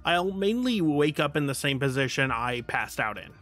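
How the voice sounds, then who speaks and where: Chatty man, slightly high voice. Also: lively intonation, moderate pace, fairly bright tone, soft background music. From United States. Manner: chatty, laughs often, answers chat, swears casually. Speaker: streamer. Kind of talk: casual live-stream chat with viewers.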